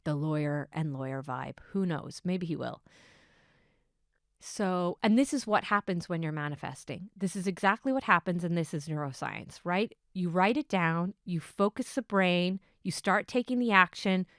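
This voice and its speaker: A middle-aged woman hosts her own podcast, chatting through a personal story. Her voice sits on the low side and stays smooth and clear, recorded dry and close. She drops into quiet asides, then bursts into excited enthusiasm. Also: normal speed, dry recording. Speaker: podcast host. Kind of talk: casual solo podcast storytelling.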